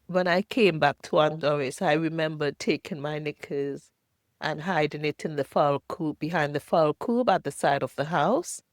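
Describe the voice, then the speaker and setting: An older woman from Jamaica telling her own painful childhood story as a halting, emotional personal testimony. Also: sits low, no room sound, clean studio sound. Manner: halting, emotional, pausing often.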